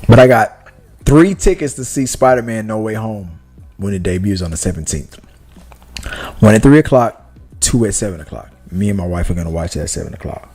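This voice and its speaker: A man's voice: on the low side, fairly quick, breathy edge, faint music behind. A young man hosting a podcast, chatting casually and rambling, with restarts and swearing. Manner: rambling and animated, with profanity and restarts. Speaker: podcast host. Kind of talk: casual chat.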